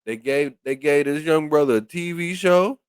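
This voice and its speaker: A man hosts a podcast of casual commentary, stammering through restarts and repeated words while his pitch swings lively. He speaks at normal speed in a smooth voice, recorded dry with studio quality.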